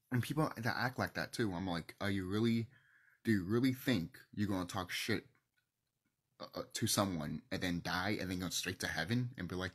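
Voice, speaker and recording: Male host, fervent solo rant, husky and lowish, volume swings from outbursts to hushed asides. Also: moderate pace. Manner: passionate, swings between loud outbursts and hushed near-whispers, swears. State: emotional, teary. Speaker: video host. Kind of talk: ranting monologue to camera.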